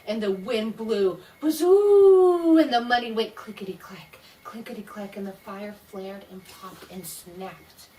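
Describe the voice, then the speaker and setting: A woman reading a scary story aloud in a slow, dramatic way, voicing the sound effects herself. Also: medium pitch, fairly even intonation, a little mellow, recorded from a distance, low-quality recording. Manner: slow spooky delivery with voiced sound effects.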